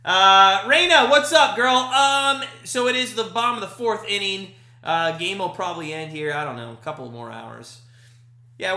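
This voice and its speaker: A man's voice: high voice, bright, forceful tone. A young man hosting a casual live stream, giving baseball play-by-play in a loose, joking way and answering viewer comments. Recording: echoey room.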